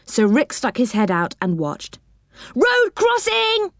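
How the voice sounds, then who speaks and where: A woman reading a children's story aloud in an expressive storytelling manner. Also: mid-range voice, normal speed, dry recording, clean studio sound.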